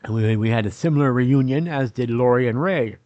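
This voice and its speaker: A man's voice: medium pitch, a little fast, darkish tone, no room sound, muffled recording. An older man vlogging from his nursing home room, telling a long personal story in a rambling way, correcting himself and filling gaps with "uh". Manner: rambling, self-correcting, many "uh"s. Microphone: camera recording himself.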